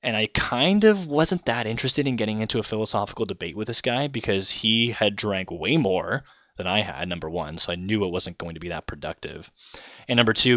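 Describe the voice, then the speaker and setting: A man's voice: mid-range voice, expressive, brisk, a bit bright, no echo, dull audio. A man hosting a podcast, talking through ideas in a casual, rambling monologue and often correcting himself mid-sentence. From Canada. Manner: rambling, conversational, self-correcting. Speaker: podcast host.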